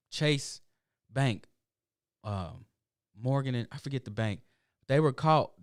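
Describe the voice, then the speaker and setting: A middle-aged man talks through a loose, storytelling monologue as host of his own show. His voice is smooth and clear, recorded close and dry with no room sound. He wanders through emphatic asides and restarts. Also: medium pitch, no echo. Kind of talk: casual livestream monologue.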